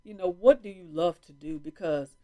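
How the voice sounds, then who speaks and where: A woman's voice: on the low side, normal speed, dark tone. A woman in casual live-stream talk, chatting to viewers as y'all from home with a small microphone. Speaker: vlog host. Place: indoors, at home. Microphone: small microphone on a phone or camera.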